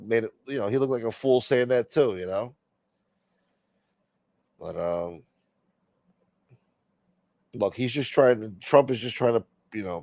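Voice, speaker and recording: Guy ranting on his live stream, kinda low voice, swears a lot, dry sound. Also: a little mellow, no echo. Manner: rambling, profane, opinionated. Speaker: livestream host. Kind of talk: casual live-stream chat.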